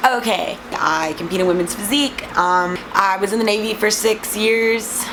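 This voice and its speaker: A woman's voice: medium pitch, normal speed. Chatty young woman over fan hum. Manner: rambling, self-deprecating, chatty. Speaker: fitness vlogger and online trainer. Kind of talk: casual to-camera chat. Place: room with a fan running. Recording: fan noise clearly audible. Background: steady fan hum.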